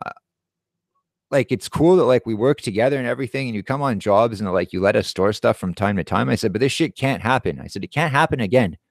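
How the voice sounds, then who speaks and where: A man's voice: medium pitch, lively intonation, fairly quick, no echo, clean studio sound. A young man hosting a show, telling a personal story in a heated, profane casual rant. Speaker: show host. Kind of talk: casual live-stream rant.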